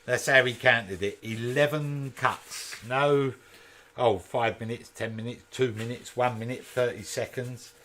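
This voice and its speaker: Male workshop host, casual live demo, chatty and jokey, bright tense tone with a faint hum of the room behind. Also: medium pitch, fairly even intonation, measured pace. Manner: chatty, jokey asides to viewers. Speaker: woodturner and channel host. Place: home workshop.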